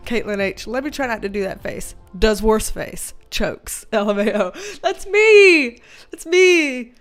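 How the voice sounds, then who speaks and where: Giggly high-voiced woman streaming. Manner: giggly, chatty, swears freely, greets viewers with bursts of high excitement. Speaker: livestream host, tarot reader. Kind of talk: casual livestream chat reading comments.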